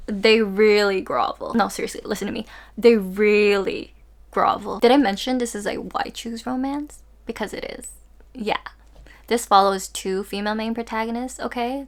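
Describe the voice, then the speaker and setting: A woman talking through her recent reads in a casual vlog. Her voice sits at an ordinary middle pitch, and she is chatty and expressive. She gushes over her favorites and laughs easily. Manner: gushing, playful and expressive, laughs often. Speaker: book reviewer.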